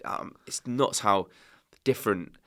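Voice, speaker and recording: A man in his thirties, a podcast guest telling candid personal stories in a lively, casual way and swearing freely. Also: lowish voice, a little slow. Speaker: podcast guest, company founder. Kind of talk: casual conversational storytelling.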